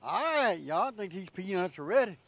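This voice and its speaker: A man's voice: high-pitched, big pitch swings, a little fast, fairly bright tone. A man talking viewers through his cooking outdoors in a casual, folksy way. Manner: folksy, chatty, talks to viewers as "y'all". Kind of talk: casual cooking video narration.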